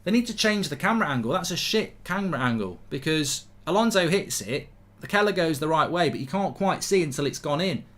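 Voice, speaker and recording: A man hosting a live football watchalong stream, commentating excitably, swearing casually and ranting in bursts. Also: on the high side, fairly quick.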